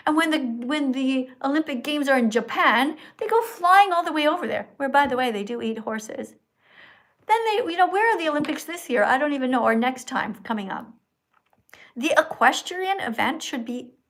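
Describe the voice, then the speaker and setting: A woman hosting a livestream, preaching and scolding her viewers in a mocking, heated way. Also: high-pitched. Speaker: livestream host. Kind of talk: ranting livestream chat.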